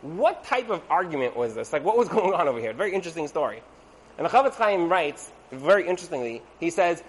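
A man leads a casual evening class on Torah and marriage, chatting away, peppering it with rhetorical "right?" questions, and acting out the voices he quotes. His voice is fairly high, sing-song, fast, and husky.

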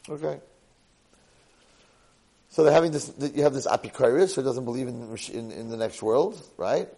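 A man teaching a Torah portion lesson to a live class, an animated storyteller sprinkling in Hebrew and Yiddish words. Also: mid-range voice, moderate pace, rough recording.

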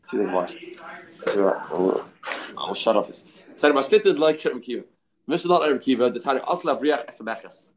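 A man's voice: mid-range voice, expressive, brisk. A man teaching an informal Talmud study class, thinking aloud, answering students, and mixing Hebrew and Aramaic terms into his English.

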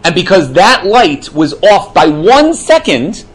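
A man's voice: high voice, sing-song, unhurried, breathy edge, exaggerated voice, low-quality recording. A man voicing God as a patient, wry, all-powerful male figure who explains things matter-of-factly. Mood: patiently explaining.

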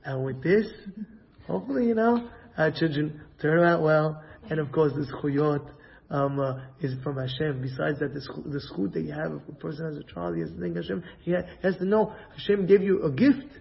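High-voiced guy doing an animated religious talk, acts out little family scenes, kinda muffled lo-fi sound. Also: normal speed, gravelly. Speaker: Torah lecturer giving parenting advice.

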